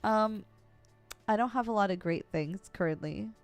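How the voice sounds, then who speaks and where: A woman's voice: medium pitch, normal speed, soft background music. A woman streamer giving playful, chatty commentary while playing a video game. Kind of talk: casual gameplay commentary.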